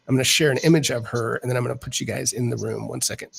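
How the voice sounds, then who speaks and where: A man narrating as dungeon master of a tabletop game in a rambling, halting way. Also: medium pitch, steady tone, creaky, poor audio.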